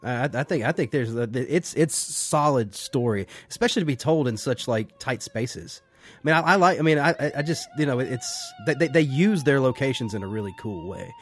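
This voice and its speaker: Animated, gushing podcast man. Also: medium pitch, brisk. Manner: enthusiastic, gushing, swears often. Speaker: podcast co-host. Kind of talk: casual film discussion.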